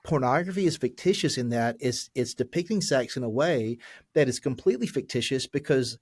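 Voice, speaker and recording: A man in his forties speaks as a guest on a podcast, recounting his own past with halting earnestness and plenty of restarts. His voice sits at an ordinary middle pitch, and the recording is close and dry, with no room sound around it. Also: animated, a little mellow, slightly rough, no echo. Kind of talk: candid personal testimony in a podcast interview.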